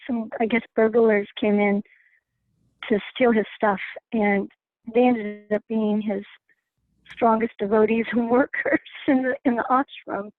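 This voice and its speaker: A woman on a phone call in a class, earnestly telling a personal story with halting restarts. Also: a little high, dry recording. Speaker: class participant sharing a story. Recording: tinny phone line, dry.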